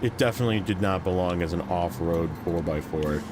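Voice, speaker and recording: A man's voice: sits low, brisk, background noise. A man streaming a game, chatting casually with viewers in a rambling, joking way full of fillers. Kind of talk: casual gameplay chat with chat.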